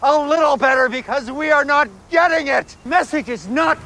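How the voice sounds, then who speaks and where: An actor playing a frustrated young man who yells defiantly at unseen forces, in a TV drama clip. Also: extremely high pitch, moderate pace, heavily acted. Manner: yelling defiantly. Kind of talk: TV drama acting.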